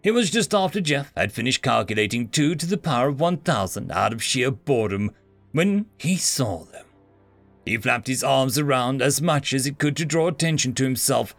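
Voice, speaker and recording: Guy reading a comic space story, lively voice, bit of gravel, dry room, music faint underneath. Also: medium pitch, dry recording. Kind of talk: storytelling narration.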